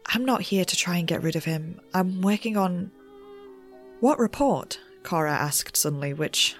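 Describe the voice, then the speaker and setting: A woman's voice: on the low side, animated, normal speed, faint music behind, lightly acted. A woman playing a nervous young researcher who bends the rules and narrates in a rambling, self-deprecating way. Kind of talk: audio drama narration.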